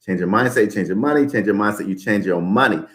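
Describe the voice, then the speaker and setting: Speaking fast in a voice on the low side, this podcast guest in his twenties hammers his message emphatically and keeps repeating it, like a motivational speaker giving an interview.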